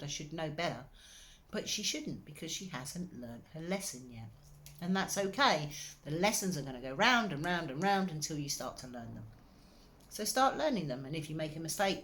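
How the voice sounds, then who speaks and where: A woman with a notably low voice talks straight to her listener in a personal advice talk. She is earnest and encouraging, pressing her points home. There is a slight irritation in her throat. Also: slight background noise. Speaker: wellbeing coach. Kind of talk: direct-to-camera advice talk.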